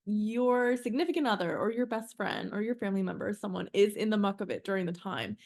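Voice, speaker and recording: A young woman co-hosting a podcast in person, talking in an animated, emphatic way, swearing freely and filling her speech with "like" and "you know". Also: mid-range voice, fast. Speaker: podcast co-host. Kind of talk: casual chat. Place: in person with co-host.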